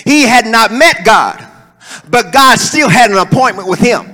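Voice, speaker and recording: High, lively preacher in echoing hall. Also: male voice, a little slow. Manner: swings between soaring shouts and low asides. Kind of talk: sermon. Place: church hall. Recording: long hall reverb.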